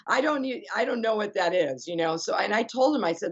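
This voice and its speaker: An American woman appearing as a guest rock musician chats casually in a husky, mid-range voice, very animated and a little fast with few pauses. Her talk is packed with "you know," restarts, and self-corrections. The sound is lo-fi.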